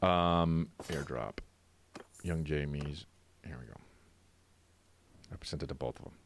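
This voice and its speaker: A man co-hosting a casual chat, telling stories in an animated, swearing, excitable way. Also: extremely low pitch, measured pace, a little hiss or hum. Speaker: podcast co-host.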